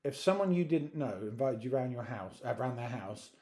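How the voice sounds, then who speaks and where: A man's voice: medium pitch, expressive, moderate pace, mellow. Rambling man in casual chat. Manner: rambling, self-correcting, jokey. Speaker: co-host.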